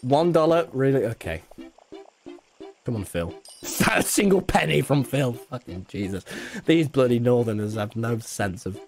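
A young Englishman streaming a game in loud, excitable casual chat, swearing freely. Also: measured pace, soft background music. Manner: loud, excitable, swearing, jumping into squeaky baby talk.

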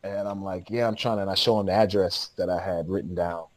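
A man's voice: low voice, fairly even intonation, quick pace, no room sound, low-quality recording. A man, a podcast guest, telling a long story in casual, slangy speech with lots of laughter.

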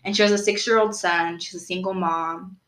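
A young woman hosting a podcast, telling a true-crime story in a casual, animated way, full of "like" and questions put to her co-host. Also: lowish voice, a little fast. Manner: chatty, animated, lots of "like" and rhetorical questions. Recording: roomy echo.

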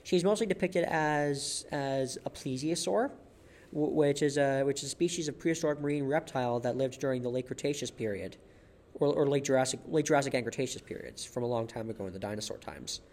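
This solo podcaster has a medium-pitched, darkish voice and talks fairly quickly as he casually recounts facts. Frequent stumbles, restarted sentences and repeated words mark his delivery, and he chuckles at his own humor.

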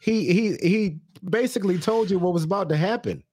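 A man co-hosting a casual comedy podcast, relaxed and joking, with loud laughs. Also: high voice, a little fast. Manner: laid-back, joking, laughs loudly. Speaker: podcast co-host.

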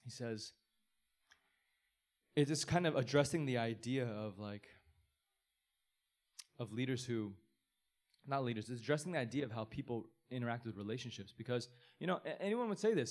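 An earnest man with a voice that is neither high nor low, preaching informally. He talks the way he would in conversation, rambling a little and often restarting his sentences. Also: animated, normal speed, long pauses, darkish tone. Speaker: pastor. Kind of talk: informal sermon.

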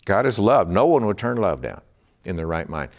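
A man's voice: deep voice, very animated, normal speed. A man from Texas preaching a midweek sermon in a fervent, emphatic way. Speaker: pastor.

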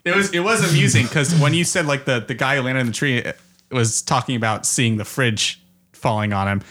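A man's voice: mid-range voice, brisk. A man co-hosting a casual podcast chat, joking and laughing often. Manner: animated, jokey, laughs often. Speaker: podcast co-host.

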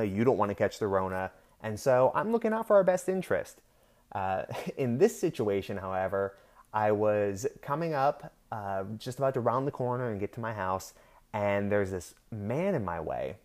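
A man's voice: lowish voice, animated, moderate pace, darkish tone. A young man telling a heated story in a casual rant, swearing freely.

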